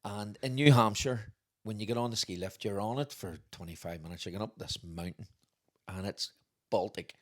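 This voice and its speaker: A middle-aged man, co-hosting a podcast and telling stories in a lively way, laughing often. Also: lowish voice, normal speed. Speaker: podcast co-host, father. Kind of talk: casual storytelling chat.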